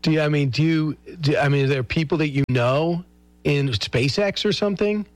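Man, talk show host, casual, joking, slightly high voice, dry close sound. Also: normal speed, dry recording, soft background music. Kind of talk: conversational interview.

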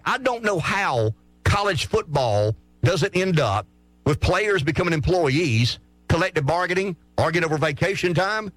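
A man's voice: high voice, fairly bright tone, no echo. A man arguing opinions on a sports talk show, firing off rhetorical questions and answering them himself.

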